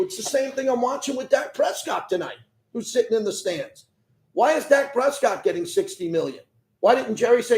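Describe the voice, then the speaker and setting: A man's voice: very high voice, lively intonation, moderate pace, a little mellow, echoey room, rough recording. A man hosting sports talk radio, arguing with callers and firing off rhetorical questions. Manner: combative, fires rhetorical questions.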